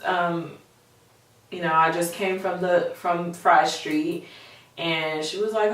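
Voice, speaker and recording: A woman's voice: fairly low pitch, measured pace. Chatty young woman in an echoey room. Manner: candid, chatty, animated retelling with lots of fillers. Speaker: vlogger. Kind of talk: personal storytelling to camera. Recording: very echoey room, voice far from mic.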